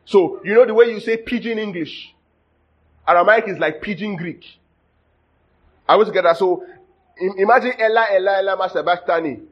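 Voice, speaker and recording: A man's voice: high voice, moderate pace, pauses often, slightly rough. A man preaching a sermon, teaching word by word and often asking the audience if they are following. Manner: checks in with the audience often, jokes and laughs. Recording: dull lo-fi sound.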